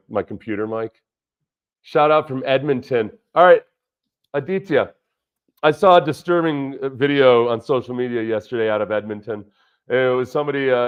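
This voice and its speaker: This livestream host, once a football player himself, chats casually about football, wandering off topic and responding to what viewers type. His voice is medium in pitch with a clean tone. Dull, lo-fi audio with dropouts comes through a studio dynamic mic on a budget audio interface.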